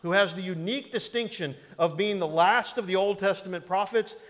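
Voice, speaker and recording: High-voiced man preaching in a reverberant church. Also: a little fast, fairly bright tone. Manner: conversational preaching, asks the congregation for amens; folksy and humorous, slips into mock voices. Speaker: pastor. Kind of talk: sermon. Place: church sanctuary. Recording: long hall reverb in a church.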